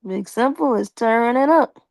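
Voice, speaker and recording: A woman's voice: fairly high pitch, measured pace, gravelly, no room sound. A woman hosting a casual live stream, reading viewer comments aloud in a playful, teasing way and laughing often.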